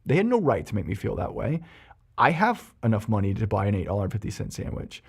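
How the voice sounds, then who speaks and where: A man, a therapist, explaining emotions on a podcast and telling a personal story, animated and full of ums and restarts. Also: on the low side, fast talker, gravelly, breathy edge.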